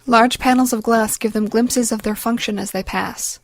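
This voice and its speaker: A woman's voice: a little high, dry recording. Woman narrating an audiobook. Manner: measured, even storytelling.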